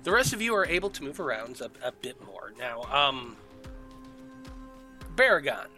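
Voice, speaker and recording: A man narrating a tabletop game as game master, halting with many ums and restarts. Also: mid-range voice, very animated, bright, forceful tone, faint music behind.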